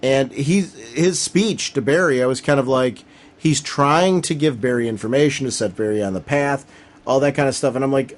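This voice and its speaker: Excitable man co-hosting a podcast. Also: medium pitch, moderate pace. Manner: excited, acts out the scenes he retells. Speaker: podcast co-host. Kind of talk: casual comics discussion.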